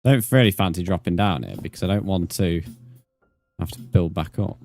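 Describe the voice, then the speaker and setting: A man's voice: low voice, normal speed, darkish tone, soft background music. A man casually commenting on his gameplay and chatting with viewers, teasing them and swearing freely. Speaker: streamer.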